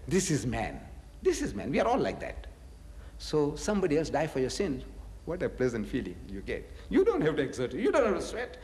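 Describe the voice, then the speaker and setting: A man's voice: a little high, brisk. A man giving a public lecture on scripture, telling stories with mocking asides and repeating phrases for emphasis. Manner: animated storytelling, mocking asides, chuckles. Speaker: religious lecturer. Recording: echoey hall reverb.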